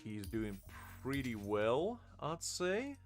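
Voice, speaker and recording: A man's voice: mid-range voice, sing-song, slow pace, faint music behind. A young man live-streaming a game, chatting casually, laughing often and answering his chat.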